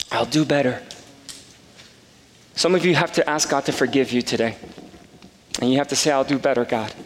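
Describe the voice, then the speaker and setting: A fairly high-voiced male pastor preaching loudly and with animation, acting out both sides of a story. His voice rings through a hall with a long reverb tail. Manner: animated storyteller, acts out dialogue, loud voice. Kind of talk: sermon with personal story.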